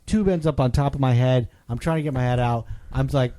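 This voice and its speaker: A man co-hosting a podcast, telling a story in a casual, animated way and loudly acting out what people said. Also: mid-range voice, brisk. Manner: animated, acts out quotes loudly. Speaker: podcast co-host.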